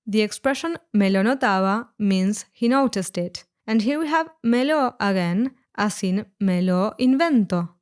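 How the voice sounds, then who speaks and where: A woman narrating a scripted language lesson, explaining words clearly and slowing down on each example. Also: mid-range voice, expressive, darkish tone. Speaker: Spanish teacher.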